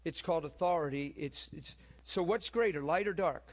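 A man's voice: a little high, moderate pace. A man preaching a sermon to a live audience, telling stories and asking the room questions. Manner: storytelling, asks the room questions.

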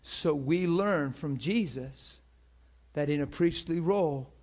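Male pastor, fairly high voice, impassioned sermon delivery. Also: slow pace, a little mellow. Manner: impassioned preaching, laughs between points.

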